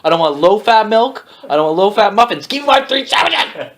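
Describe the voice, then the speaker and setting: A man's voice: medium pitch, steady tone, takes it slowly. A man voicing an angry, entitled male customer who rants and swears. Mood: ranting. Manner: loud, swearing, indignant.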